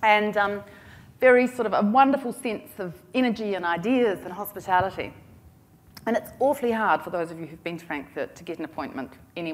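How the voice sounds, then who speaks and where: Chatty, self-mocking New Zealand woman speaker. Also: fairly low pitch. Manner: chatty, self-deprecating, humorous. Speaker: conference speaker. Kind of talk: storytelling business talk.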